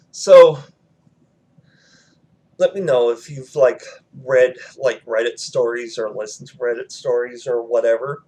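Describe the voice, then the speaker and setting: A man in a mid-range voice tells a personal anecdote to his audience at an unhurried pace. He rambles, stops to search for words, and quotes what everyone said along the way. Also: mid-range voice, a little mellow. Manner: rambling, with many fillers and quoted dialogue. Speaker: channel host telling a personal story. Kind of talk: casual storytelling vlog.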